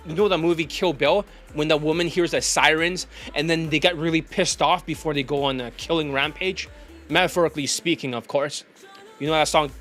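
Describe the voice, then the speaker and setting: A man with a notably high voice delivers a blunt, swear-laden rant as a dating coach, faint music playing under him. He talks as if calling out his viewers directly. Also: fairly bright tone. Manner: profane, blunt, ranting. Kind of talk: ranting vlog monologue.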